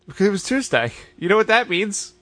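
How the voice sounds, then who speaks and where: A man co-hosting a podcast in casual chat, delivering dry, deadpan jokes. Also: sits high, a little fast, no echo. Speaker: podcast co-host.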